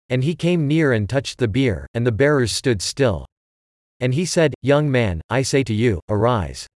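A man giving a steady, measured scripted reading of scripture. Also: mid-range voice, no room sound, studio quality. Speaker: scripture reader.

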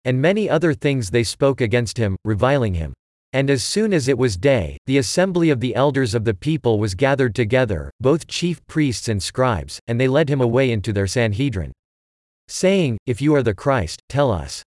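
A man reading scripture aloud in steady, measured, unhurried phrases. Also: mid-range voice, dry recording, clean studio sound. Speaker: scripture reader.

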